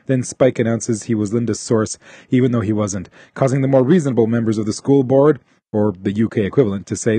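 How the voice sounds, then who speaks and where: Husky-voiced male podcast host. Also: on the low side, a little fast, warm tone, no echo. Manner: wry asides between readings. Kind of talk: reading listener emails aloud.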